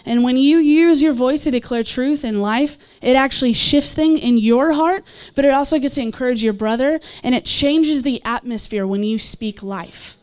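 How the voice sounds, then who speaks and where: A young woman giving a casual, enthusiastic sermon, chatting with laughs and fillers and jumping up in pitch when she voices others. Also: normal speed, few pauses, clear, resonant tone. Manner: animated, leaps in pitch when voicing others. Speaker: speaker at a church gathering.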